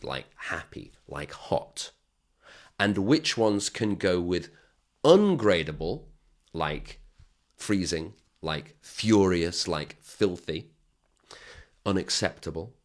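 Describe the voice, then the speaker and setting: A man with a low, deep voice gives a recorded grammar lesson. His pitch rises and falls a lot as he explains step by step. He keeps checking in with the viewer in a patient way. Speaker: English teacher.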